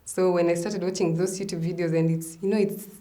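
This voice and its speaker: A woman's voice: on the low side, fairly even intonation, fast talker, mellow. A young Kenyan woman, a makeup artist, speaking candidly and easily in an interview, laughing often. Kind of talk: conversational interview.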